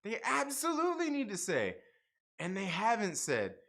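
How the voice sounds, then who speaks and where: A young man hosting a casual livestream, reading chat and laughing often as he swings between loud outbursts and low asides. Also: wildly swooping pitch, moderate pace.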